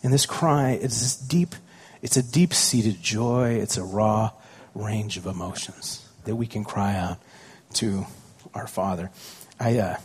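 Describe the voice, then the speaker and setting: A man's voice: on the low side, slow pace, hardly any pauses, breathy edge. A man, a pastor, preaching a conversational sermon with stories about his young children, often asking the congregation questions.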